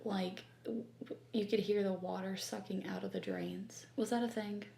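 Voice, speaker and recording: Podcast guest, woman from California, gravelly, rambling, laughs easily. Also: medium pitch, fairly even intonation, moderate pace, dark tone, roomy sound. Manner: giggly, chatty, rambling. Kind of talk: casual chat.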